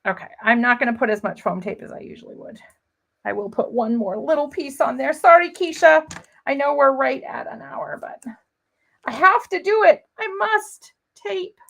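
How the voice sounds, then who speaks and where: A woman's voice: high-pitched, normal speed, vocal fry, a bit bright. A woman hosting a live paper-crafting demonstration, chatting bubbly and giggly with viewers and greeting them by name. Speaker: crafting livestream host.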